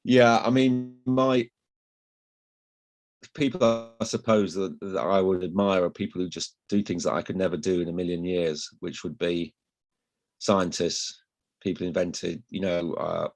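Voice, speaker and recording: A middle-aged man from Hull with a slight northern accent and flat vowels, chatting as an interview guest in a rambling, self-deprecating way. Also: low-pitched, measured pace. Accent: slight northern English, flat vowels. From Hull, England. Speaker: guest, newspaper columnist. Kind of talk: casual interview chat.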